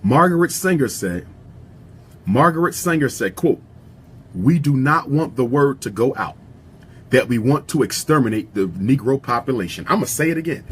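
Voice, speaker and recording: A man's voice: a little high, slight background noise. A man giving an impassioned speech to an audience, repeating his lines for emphasis in a preacher-like cadence. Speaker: public speaker.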